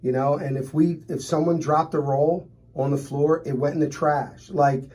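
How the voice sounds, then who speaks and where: Philly guy, middle-aged, lively storyteller, slightly high voice. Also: normal speed. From Philadelphia. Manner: animated, acts out customers in his stories. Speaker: restaurant owner, guest. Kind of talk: storytelling in a casual interview.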